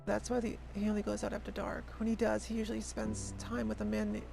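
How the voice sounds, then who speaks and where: A woman's voice: medium pitch, completely flat delivery, quick pace, gravelly, music in the background. A woman narrating a board game, reading the story text aloud.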